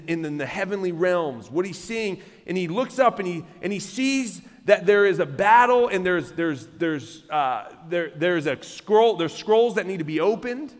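A man's voice: sits high, in a large hall. A male pastor preaching a sermon in a church, emphatic, often repeating words and restarting phrases. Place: church sanctuary.

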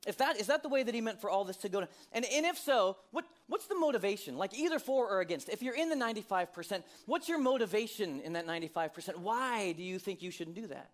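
A man's voice: sits high, expressive, fast, hardly any pauses. A man preaching a sermon as a pastor, talking in a conversational way, asking many rhetorical questions and laughing often.

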